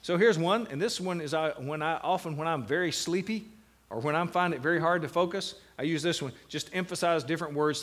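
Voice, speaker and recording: A man teaching a class on meditating on the Bible, slowing down to stress single words and breaking into lively asides. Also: fairly high pitch.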